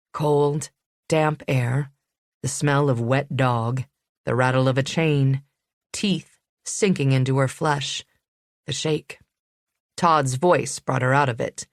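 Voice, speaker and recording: A woman narrating a suspense audiobook in a measured, even reading. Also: low voice, no room sound, clean studio sound. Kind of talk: scripted narration.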